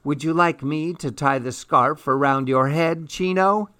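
A man's voice: on the high side, unhurried, pushed and bright, dry recording, voice pushed up. A man reading aloud, voicing a kind, elderly grandmother in a children's story.

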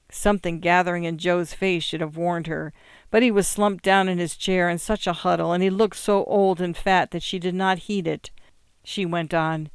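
Smooth, measured audiobook narrator. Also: medium pitch, steady tone, dry recording, studio quality. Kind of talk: audiobook reading.

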